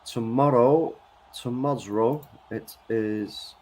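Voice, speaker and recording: A man chatting casually through a live football match, relaxed and a bit hesitant. His speech is loose and full of fillers, and he now and then calls his friend "bro". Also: medium pitch, takes it slowly. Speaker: co-host of football watchalong.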